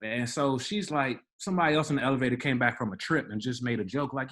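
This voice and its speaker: A young podcast co-host from the Washington DC area in Maryland tells a story during casual chat, speaking fast in a mid-range voice. He's an animated storyteller who voices the people he quotes.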